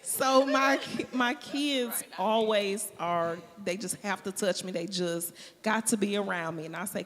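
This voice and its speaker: A mother chatting casually on a panel, relaxed and laughing as she talks. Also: medium pitch, a little slow, few pauses, in a large hall. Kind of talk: casual chat.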